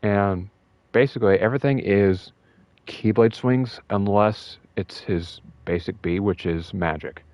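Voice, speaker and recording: A young man talking in a casual, rambling way about a fighting game, emotional and excited, with many fillers and restarts. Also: fairly low pitch, measured pace, no room sound. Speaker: gaming video host.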